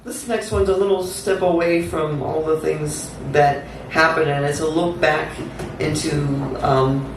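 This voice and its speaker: A woman poet giving a live reading with a slow, incantatory delivery, repeating words for effect. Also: deep voice, fairly even intonation. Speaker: featured poet. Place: theatre stage. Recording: echoey theatre, distant mic, faint hum.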